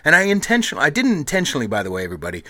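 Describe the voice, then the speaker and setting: A man in his thirties hosts a loose podcast chat, his voice bright and forward with lots of lift and fall in the pitch. He laughs easily, stumbles over restarts and fills the gaps with quick short replies. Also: huge pitch swings, dry recording. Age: 30s. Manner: laughs often, stammers, short backchannel replies. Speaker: podcast host. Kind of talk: casual chat.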